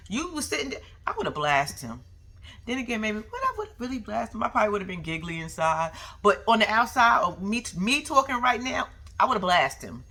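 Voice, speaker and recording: A young woman recaps a reality show as a vlogger, sassy and animated, with a bright, forceful tone. Her pitch swoops all over the place as she talks back to the people on the show, and she keeps throwing slangy asides to her viewers. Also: fairly quick.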